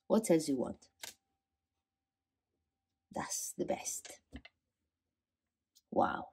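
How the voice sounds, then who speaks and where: Young woman reading tarot cards, low voice, kinda husky, gushy and emotional. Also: huge pitch swings, extremely slow, long pauses, a little mellow. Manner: effusive and emotional, non-native phrasing. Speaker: tarot card reader. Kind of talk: pick-a-card tarot reading.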